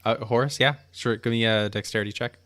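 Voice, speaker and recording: Game master, man, low voice, unhurried narrator, video call. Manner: descriptive, relaxed narration with filler ums.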